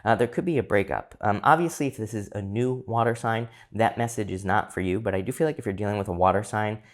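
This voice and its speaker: Brief: lowish-voiced man, casual tarot reader, chatty and rambling. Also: fast. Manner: chatty, loose, many fillers and restarts. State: hiccups. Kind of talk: casual card-reading talk to viewers.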